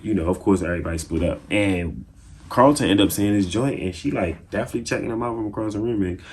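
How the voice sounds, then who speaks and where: A man recapping TV episodes in a casual, slangy, excitable way, with lots of fillers. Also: on the low side, fast, a little hiss or hum. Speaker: TV show reviewer.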